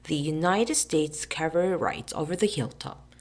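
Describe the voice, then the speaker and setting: A woman narrating a storybook aloud in an expressive way, switching into voices for the characters. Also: low voice, normal speed. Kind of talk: storybook reading.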